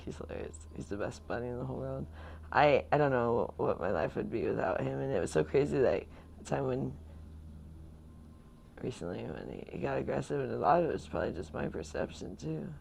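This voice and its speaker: A woman's voice: sits low, gravelly, darkish tone. A woman vlogger in casual chat, rambling and chatty with lots of fillers.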